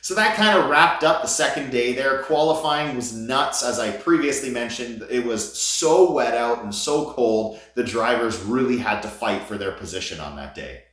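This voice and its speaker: A man telling an excited vlog story, gushing, with his voice jumping high at the thrilling parts. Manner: animated, gushing, voice jumps high when excited. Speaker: vlogger. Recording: very echoey room.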